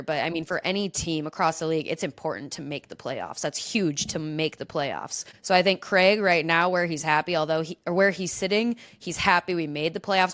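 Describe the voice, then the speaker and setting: A woman's voice: sits low, fairly bright tone, no echo, studio quality. A woman co-hosting a hockey podcast, casual and hedging, filling her talk with "like.". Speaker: podcast co-host. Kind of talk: casual chat.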